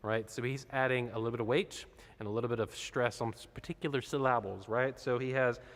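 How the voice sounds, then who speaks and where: A man's voice: medium pitch, fairly even intonation, brisk. A man directing a choir rehearsal, explaining parts and singing short demonstrations between instructions. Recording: reverberant room with instrument behind.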